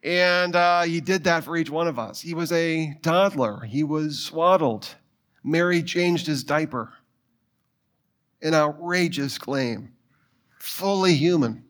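A middle-aged man preaching a sermon, telling a personal story and putting quick questions to his listeners. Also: fairly high pitch, a bit bright. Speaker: pastor.

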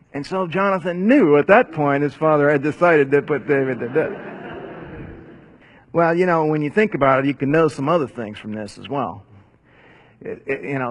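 A man's voice: a little high, expressive, normal speed, fairly bright tone. A man preaching and teaching through a Bible passage in a casual, conversational way, with rhetorical questions and asides. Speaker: pastor.

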